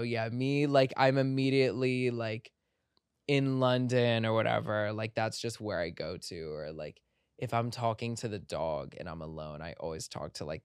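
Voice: mid-range voice, fairly even intonation, normal speed, smooth, dry recording. A podcast host in casual chat, rambling and playful, full of "like" fillers, recorded in a studio.

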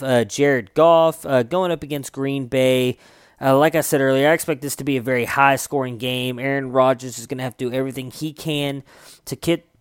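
Smooth-voiced man giving casual sports rankings. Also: mid-range voice, no room sound, clean studio sound. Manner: relaxed, conversational, frequent uh fillers. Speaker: fantasy football analyst.

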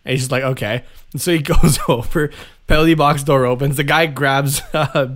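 A young man co-hosting a podcast, chatting casually and retelling scenes with animated laughs. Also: fairly high pitch, brisk. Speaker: podcast co-host. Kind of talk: casual chat.

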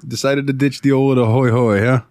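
A man's voice: mid-range voice, fairly even intonation, brisk, a little mellow, no room sound, clean studio sound. A man hosting a casual podcast, chatty and laughing often, full of "like" and "uh" fillers. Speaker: podcast host.

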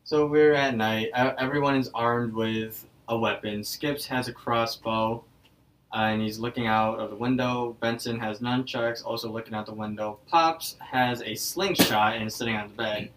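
A man's voice: medium pitch, fairly even intonation, moderate pace, fairly bright tone, distant mic, low-quality recording. A young man co-hosting a podcast, casually retelling a cartoon episode and often restarting his sentences. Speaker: podcast co-host. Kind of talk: casual episode recap chat.

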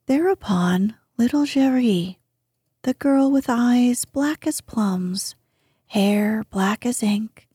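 A woman narrating a bedtime sleep story in a soothing, hushed voice that often drops to a whisper, close to the mic. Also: fairly high pitch, takes it slowly, breathy edge, no echo.

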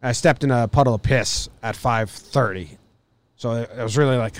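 A man's voice: medium pitch, fairly quick, no echo. A young man, co-hosting a podcast in casual chat, laughing often and telling stories with energy. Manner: lively, laughing, animated storytelling. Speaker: podcast co-host.

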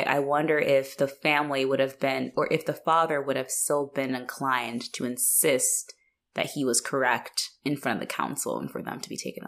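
Young woman, low voice, chatty co-host, laughing, loose swearing. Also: vocal fry. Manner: animated, laughs often, swears casually. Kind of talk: casual chat.

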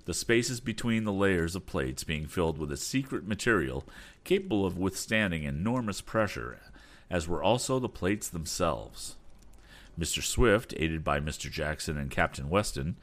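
A man narrating a classic adventure novel aloud in a steady, expressive reading. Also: low voice. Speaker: audiobook narrator.

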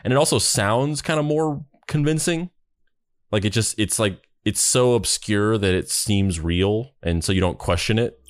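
A male podcast co-host with a fairly low voice, talking in a relaxed, reflective way. The recording is dry and close, with little room sound. He laughs easily as he talks things over. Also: normal speed, no echo. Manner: thoughtful, chatty, laughs easily. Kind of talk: casual podcast chat.

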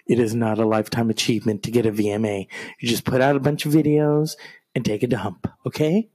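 A man's voice: mid-range voice, steady tone, fairly quick, a little mellow, husky. A man hosting a podcast, mocking a TV broadcast in a crude, sarcastic running commentary with exaggerated gasps. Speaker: podcast host.

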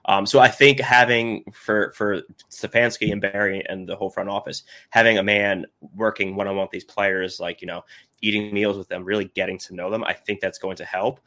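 A man's voice: lowish voice, flat delivery, a little fast, pushed and bright. A man appearing as a podcast guest, explaining his player analysis in chatty detail during a casual sports conversation.

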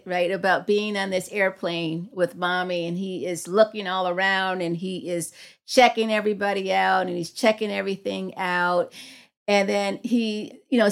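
A woman's voice: mid-range voice, creaky, fairly bright tone. A middle-aged woman, a guest on a podcast, telling a personal story in an earnest, reflective way and acting out the dialogue in a raised voice. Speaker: guest, psychology professor.

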